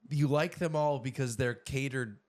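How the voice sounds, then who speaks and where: A man's voice: medium pitch, moderate pace, a little mellow. A young adult man co-hosting a podcast, joking around in playful, teasing banter. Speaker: podcast co-host. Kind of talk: casual chat.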